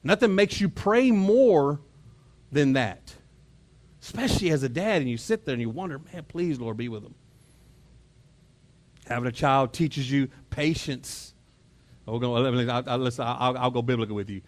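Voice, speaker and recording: A middle-aged Texan pastor delivers a conversational sermon in a church auditorium, his medium-pitched voice moving at a moderate pace. He often repeats words, chuckles, and mimics family exchanges as he acts out home moments.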